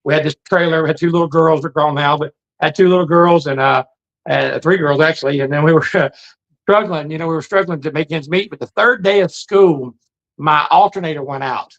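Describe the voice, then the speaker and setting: A man's voice: on the high side, brisk, fairly bright tone, dull audio. A middle-aged man, telling his own life story in a plain-spoken, earnest, folksy way. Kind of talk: casual storytelling monologue.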